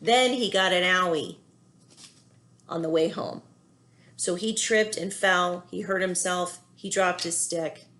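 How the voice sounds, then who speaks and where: A woman teacher reading a children's picture book aloud, pausing often to gently explain feelings to young listeners. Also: on the low side. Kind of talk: children's read-aloud with commentary.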